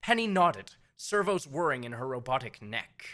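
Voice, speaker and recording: A woman's voice: very deep voice, big pitch swings, normal speed, a bit bright. A woman narrating a fan fiction story aloud in a wry, playful way.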